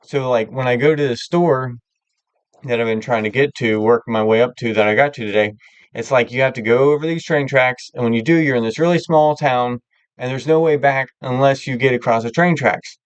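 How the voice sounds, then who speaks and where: A man's voice: medium pitch, fairly quick, smooth, no echo, muffled recording. A man hosting a live stream, talking candidly and rambling with many filler words in casual chat. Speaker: livestream host.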